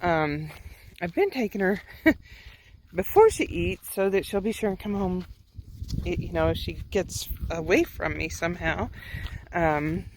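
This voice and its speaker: A woman's voice: fairly low pitch, animated, unhurried, pauses often, a little mellow, slight background noise. Chatty woman vlogging from her camper van. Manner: chatty, talks to her dog in a coaxing sing-song. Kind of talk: casual vlog chat. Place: camper van and outdoor campsite.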